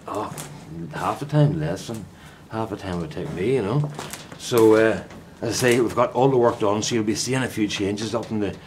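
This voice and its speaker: Out in his vegetable plot, an older man rambles casually to camera as a gardening vlogger, friendly and wandering, with frequent restarts and asides. His voice sits on the low side with a darkish tone, and there's slight background noise.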